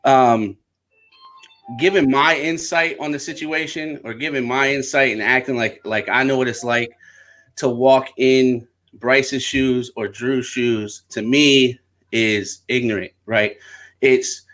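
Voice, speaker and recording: A man's voice: mid-range voice, fairly even intonation, slow pace, fairly bright tone. A man hosting a podcast discussion, thoughtful and earnest, often checking in with "right?". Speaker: podcast host.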